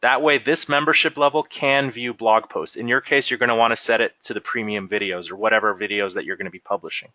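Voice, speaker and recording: Man walking through software, bright voice. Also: fairly low pitch, steady tone, fast, hardly any pauses, no echo. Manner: explains step by step while clicking through. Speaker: software trainer. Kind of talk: screen-share software walkthrough.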